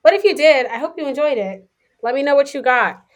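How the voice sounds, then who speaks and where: A woman's voice: high-pitched, expressive, fairly quick. A young woman from Houston, Texas, co-hosting a podcast in an upbeat, chatty way. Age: young adult. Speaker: podcast co-host. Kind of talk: casual chat.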